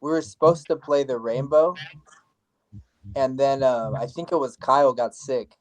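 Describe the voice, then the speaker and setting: A man from Los Angeles, a band member being interviewed, chatting casually and adding quick asides. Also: medium pitch, poor audio.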